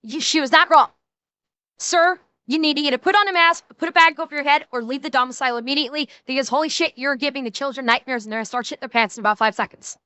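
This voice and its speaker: A woman's voice: high-pitched, fast talker, bright, forceful tone, no room sound. A young woman streaming a reaction to a video, ranting in a profane, exasperated way.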